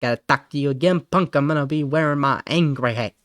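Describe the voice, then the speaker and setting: A man voicing a grumpy tough-guy male mole in a put-on Boston or New York mob accent, gruff and scolding. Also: a little high, fast, a bit bright, no echo, studio quality, natural voice. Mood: grumbling. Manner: gruff, scolding, calls the listener punk.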